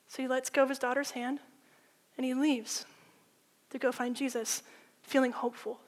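A woman preaching a sermon in a casual, animated storytelling way, full of "like", swinging between loud and hushed. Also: high-pitched, moderate pace, long pauses. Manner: informal, with frequent "like".

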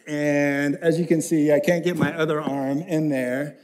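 A young man preaching a sermon, telling a funny personal story in an animated, self-deprecating way, swinging from loud to hushed. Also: a little high, a little slow, hardly any pauses. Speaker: pastor.

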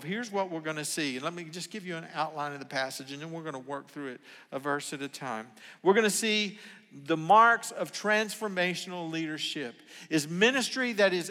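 Older guy preaching, bright ringing voice, earnest, goes soft then loud, big church echo. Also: high-pitched. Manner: earnest, swings from hushed to emphatic. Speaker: pastor. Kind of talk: sermon. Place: church sanctuary. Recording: long hall reverb.

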